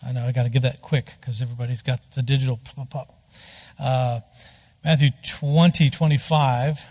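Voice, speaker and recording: A man preaching a sermon in a conversational, digressive way, rising in pitch to stress his points. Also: flat delivery, normal speed, a little mellow. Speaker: pastor. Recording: long hall reverb.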